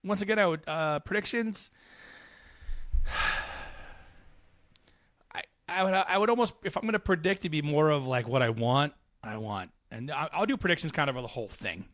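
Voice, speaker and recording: A man co-hosting a casual review podcast, talking in an animated way and acting out lines from the show. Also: a little high, moderate pace, long pauses, no echo, clean studio sound. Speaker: podcast co-host. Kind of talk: casual chat.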